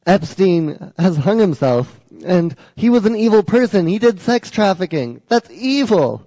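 Mellow-voiced young man preaching. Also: high voice, sing-song, a little slow, dry recording, long reverb tail, low-quality recording. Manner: retells scripture in a casual storytelling way. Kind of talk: scripture reading and sermon.

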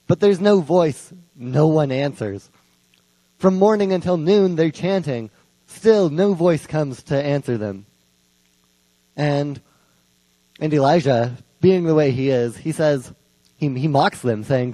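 A man's voice: on the high side, a little slow, warm tone, no echo, low-quality recording. Man retelling a Bible story casually. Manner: conversational, frequent restarts and repeated words.

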